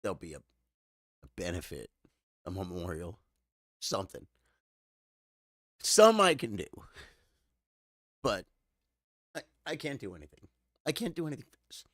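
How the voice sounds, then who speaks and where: Man, low-pitched voice, tired, choked up, halting, repeats words, casual live-stream chat, dry sound. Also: very animated, a bit bright, no echo. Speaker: streamer chatting with viewers.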